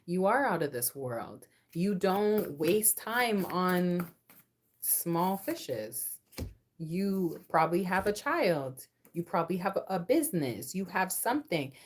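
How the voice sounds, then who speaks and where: A young woman giving a casual collective tarot reading. She is slangy and playful, and her voice swings between low and high. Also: lively intonation, slow pace, slight background noise. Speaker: tarot card reader.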